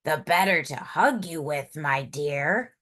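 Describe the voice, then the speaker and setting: Storybook big bad wolf, male, deep and scratchy, sly and slow menace, voiced by a woman reader. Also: animated, pushed and bright, breathy edge, heavily acted.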